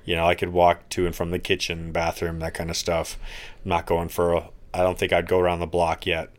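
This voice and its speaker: Deep-voiced man, slow and reflective. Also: completely flat delivery. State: recovering from an injury. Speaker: podcast co-host. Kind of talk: casual podcast chat.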